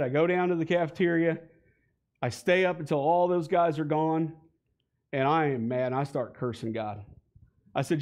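A man's voice: fairly high pitch, darkish tone. A man in his forties telling his personal faith story to a church congregation, conversational and building to heated emphasis. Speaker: guest speaker giving a testimony. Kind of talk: church testimony. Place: church sanctuary.

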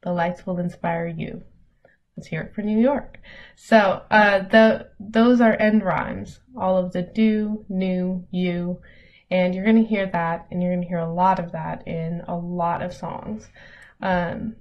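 A woman teaching an online lesson in a relaxed, casual way, with many ums as she reads examples aloud. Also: lowish voice, takes it slowly. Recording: dull lo-fi audio with faint noise.

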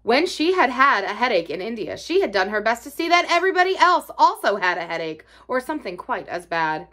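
A woman reading a classic novel aloud for a library, telling it in an expressive storytelling way. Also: fairly high pitch, a little fast. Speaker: library reader.

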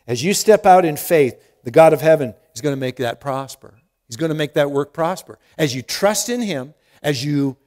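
A male pastor teaching a Bible study verse by verse. He reads the passages aloud and then explains them in a relaxed, conversational way. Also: fairly high pitch. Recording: long hall reverb.

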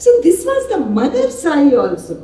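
A woman's voice: sits high, wildly swooping pitch, brisk, mellow. An older woman with an Indian English accent giving a personal testimony talk at a devotional gathering, telling stories and acting out dialogue. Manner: storytelling, acting out quoted dialogue. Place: devotional hall. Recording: roomy hall, mic at a distance.

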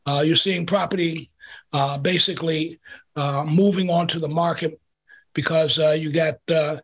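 Husky-voiced animated preacher telling a story. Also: male voice, a little high, normal speed. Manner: animated storyteller, acts out quotes. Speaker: pastor and community organizer. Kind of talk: storytelling in an interview.

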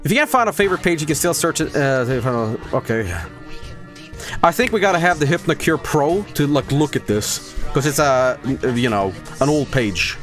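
A man's voice: fairly high pitch, animated, moderate pace, a bit bright, faint music behind. A man with a Swedish accent, a native Swedish speaker, streaming a game with playful, joking asides. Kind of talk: let's play commentary.

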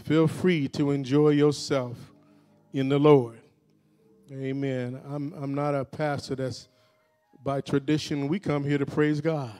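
A male pastor preaching a sermon in a church sanctuary, swinging from low, quiet stretches to loud, shouted call-and-response. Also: little pitch movement, a little slow, clear, resonant tone, soft background music.

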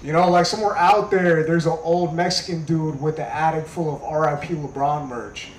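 A man performing a stand-up comedy set on a club stage, telling jokes in a conversational way with deadpan punchlines. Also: on the high side, normal speed, roomy sound, slight background noise, low-quality recording.

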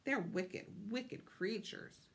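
A woman's voice: mid-range voice, extremely slow. A woman voicing a firm, cautious male mouse dentist who gives orders to his patient. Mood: stern. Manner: firm and commanding.

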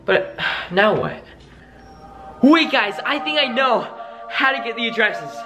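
A man's voice: extremely high pitch, big pitch swings, slow pace, pushed and bright, faint music behind. A young man vlogging in a dramatic, exclaiming way, full of slang. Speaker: YouTube creator. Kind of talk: excitable reaction vlog.

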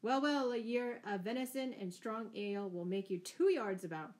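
A woman's voice: on the high side, normal speed, a little mellow, natural voice. A woman voicing a playful male outlaw companion in a storybook reading, speaking in a mock-solemn, teasing way.

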